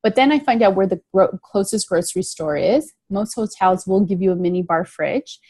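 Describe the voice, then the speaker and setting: A woman's voice: mid-range voice, expressive, normal speed, a little mellow, husky, no echo. A middle-aged woman telling her recovery story in an interview, earnest and emphatic, often repeating key phrases. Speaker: guest sharing recovery story. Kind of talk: interview answers, reflective.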